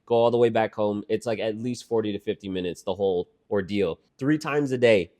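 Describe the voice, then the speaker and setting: A man's voice: fairly low pitch, brisk, dark tone. A young man co-hosting a podcast, telling a rambling, profane family story in casual banter with his sister. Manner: profane, rambling storyteller who acts out quotes. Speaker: podcast co-host.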